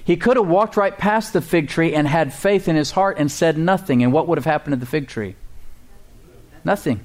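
A male pastor preaching a sermon, asking the congregation questions, rising high for quoted cries and dropping low and soft for quiet moments. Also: normal speed.

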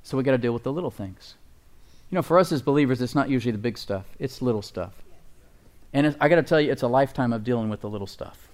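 A man's voice: medium pitch, fast, a little mellow. Emphatic, folksy male pastor preaching. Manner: emphatic, often asks the congregation for agreement; folksy and humorous, chuckles at his own points. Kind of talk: sermon.

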